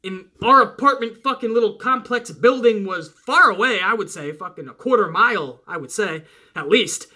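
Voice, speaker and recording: A man hosting a wrestling channel, talking loud and half-yelling in a profane, confrontational rant to his viewers. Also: high voice, normal speed. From Italian-American household.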